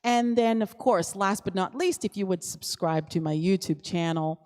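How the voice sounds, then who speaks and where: A woman's voice: mid-range voice, normal speed, darkish tone, long reverb tail. A woman singer-songwriter hosting her own live stream, talking casually and upbeat with plenty of fillers and little laughs.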